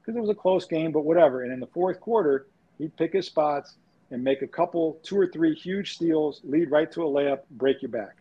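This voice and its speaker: A man's voice: fairly high pitch, moderate pace, slightly rough. A man from New York, a former sportswriter, telling stories in a casual podcast panel and acting out voices. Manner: animated storyteller acting out voices. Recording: dull lo-fi audio.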